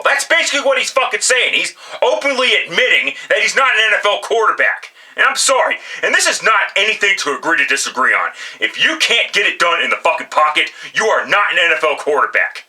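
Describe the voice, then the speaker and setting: Sharp-voiced cursing football picks guy. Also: sits high, sing-song, brisk, hardly any pauses, low-quality recording. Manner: profane, blunt and frequently restarting sentences. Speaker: sports picks vlogger. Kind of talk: casual solo commentary.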